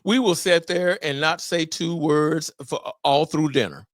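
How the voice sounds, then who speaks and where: A middle-aged man hosting a solo podcast on fatherhood, talking in an animated, preacher-like way with exclamations. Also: a little high, unhurried, dry recording, studio quality. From Memphis area, US. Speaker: podcast host.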